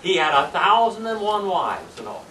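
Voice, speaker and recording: A man's voice: high voice, sing-song, moderate pace, sharp tone, far from the mic. An older man teaching a Sunday school Bible class, quizzing his students with folksy tag questions. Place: church classroom. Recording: echoey room recorded from afar, faint hiss.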